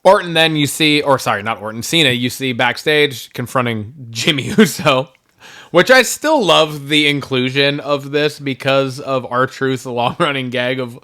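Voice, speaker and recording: A man co-hosting a casual podcast, retelling events excitedly and swearing freely. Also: medium pitch, measured pace. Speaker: podcast co-host.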